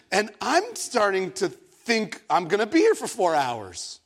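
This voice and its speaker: A man from Egypt preaching a sermon, telling a story in an animated, playful way with self-mocking asides. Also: sits high, a little slow, breathy edge. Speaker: pastor.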